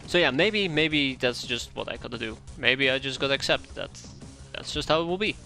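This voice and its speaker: A man's voice: lively intonation, brisk, gravelly, pushed and bright, faint music behind. A man streaming a game live, giving exasperated commentary. He repeats himself, swears now and then, and his voice jumps up when something goes wrong. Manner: exasperated, complains aloud, voice jumps high when upset.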